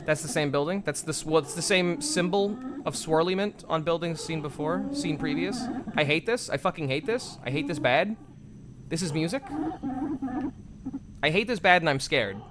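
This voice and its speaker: Brief: a high-pitched man as game streamer, sweary and self-mocking, reading on-screen text. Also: lively intonation, moderate pace, heavy background noise. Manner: self-mocking, swearing, stumbling over words.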